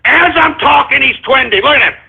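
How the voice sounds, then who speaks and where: This radio host's very high, brisk voice comes through muffled phone-line audio. He delivers an angry, profane call-in monologue, going over the same points again and again.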